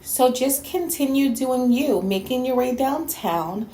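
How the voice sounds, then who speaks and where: Woman from New York City, sassy response-video host, blunt and scolding, slightly high voice, echoey room. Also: animated, unhurried, dark tone, a little hiss or hum. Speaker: YouTube reactor and host.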